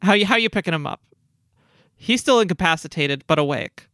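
A man running a tabletop game as game master, narrating in a halting way with many fillers and restarts. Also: high-pitched, animated, sharp tone, no room sound.

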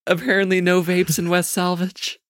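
A woman's voice: lowish voice, flat delivery, moderate pace, no echo, studio quality. A woman playing in a tabletop game, reacting and chatting with the game master. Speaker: player. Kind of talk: tabletop role-play chat.

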